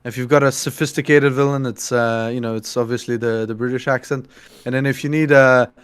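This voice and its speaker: A man's voice: medium pitch, fairly even intonation, brisk, clear, resonant tone. A man co-hosting a casual book discussion, talking in a rambling, playful way. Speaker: book podcast co-host and game master.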